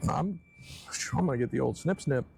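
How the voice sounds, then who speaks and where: Mild-mannered man with a lively voice. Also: mid-range voice, moderate pace, gravelly. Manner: mild, dry and understated. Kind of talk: casual chat. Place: outdoors, walking along streets. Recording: noisy outdoor recording with traffic.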